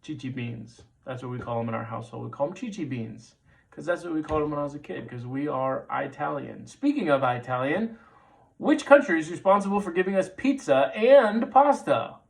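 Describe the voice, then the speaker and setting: A man's voice: fairly high pitch, animated, a little fast, gravelly. A man in his thirties hosting a trivia quiz, repeating questions with playful jokey asides. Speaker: trivia show host.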